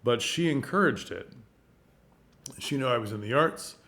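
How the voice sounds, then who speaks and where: Brief: male theatre coach, chatty, laughs a lot, mid-pitched voice. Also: expressive, normal speed, fairly bright tone. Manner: chatty, laughs often, many fillers. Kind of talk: casual talk to camera.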